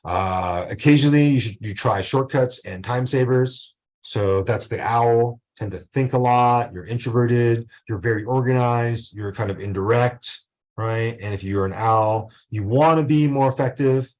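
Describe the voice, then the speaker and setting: A man's voice: mid-range voice, a little slow, darkish tone, dull audio. A male college professor giving a casual online lecture, rambling into asides and acting out quotes.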